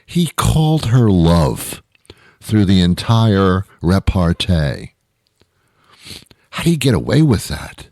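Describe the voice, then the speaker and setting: A man hosting a show, delivering a rambling comedic monologue with deadpan, mock-outraged asides. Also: low voice, slow, pauses often, no echo, studio quality. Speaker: show host.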